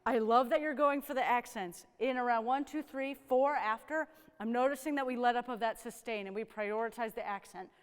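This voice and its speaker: A woman's voice: fairly high pitch, brisk, hardly any pauses, clear, resonant tone, in a large hall. A woman horn teacher coaching young players in a rehearsal, upbeat and encouraging, often checking in with "right?". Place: rehearsal room with young musicians.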